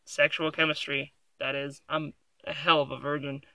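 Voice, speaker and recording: Giggly sarcastic young vlogger, gravelly. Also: medium pitch, flat delivery, normal speed, bright, forceful tone, dry recording. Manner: sarcastic, giggly, rambling with many fillers. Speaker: vlogger reacting to an article. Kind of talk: casual reaction commentary. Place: room at home. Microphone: phone.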